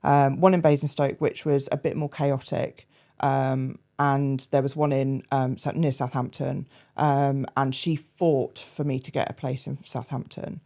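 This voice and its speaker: A woman, a podcast guest telling her personal story frankly, hesitant and full of fillers, with dark humour. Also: a bass voice, level tone, unhurried, hardly any pauses.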